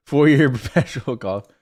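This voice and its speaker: A man's voice: medium pitch, a little mellow. A man hosting a live stock-trading stream, talking casually and bluntly to his viewers, rambling with profanity. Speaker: stock trading livestream host. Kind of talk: casual live market commentary.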